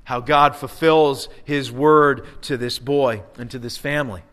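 A man's voice: mid-range voice, fairly even intonation, measured pace, fairly bright tone. A male pastor giving a sermon in a conversational, earnest way, often repeating words for emphasis.

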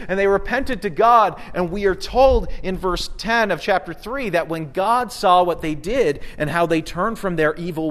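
Male pastor, sermon, animated delivery, slightly high voice. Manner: animated, acts out quoted voices with big swings.

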